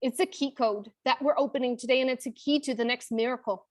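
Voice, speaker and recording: High-voiced woman coach telling a story. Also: quick pace, darkish tone, dry recording. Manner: emotional, confiding, frequent "you know". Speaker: business coach. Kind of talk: personal story in a coaching talk.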